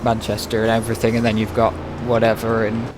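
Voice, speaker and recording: A man's voice: lowish voice, completely flat delivery, fast talker. Chatty English man on a headset. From England. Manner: rambling, chatty, pronounces words carefully. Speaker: gaming streamer. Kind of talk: casual chat while playing a game. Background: game music.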